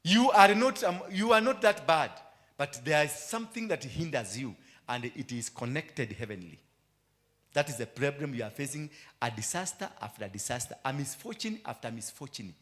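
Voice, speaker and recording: A man with a Kenyan accent preaching a sermon. He mixes Swahili into his English, repeats his phrases, and swings between loud bursts and low, quiet lines. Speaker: apostle preaching.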